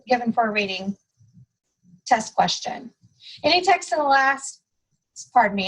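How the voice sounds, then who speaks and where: A woman leading a staff training session, reading rules from a testing manual in a steady instructional way and repeating key points. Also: a little high, low-quality recording. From United States. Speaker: test administration trainer.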